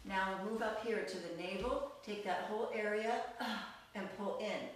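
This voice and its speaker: A woman with a mid-range voice teaches a live online belly dance class in a studio, counting beats in a sing-song way and explaining moves at a moderate pace in a chatty, upbeat tone. A camera mic across the echoey room picks her up from a distance, with slight hiss or hum and dance music playing in the background.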